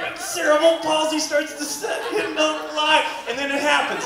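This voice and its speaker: A man with a very high-pitched voice speaks at normal speed while performing a rambling comedy set on a club stage, acting out his exclamations with animated storytelling. The audio is very noisy, with echo from the club room and the crowd audible.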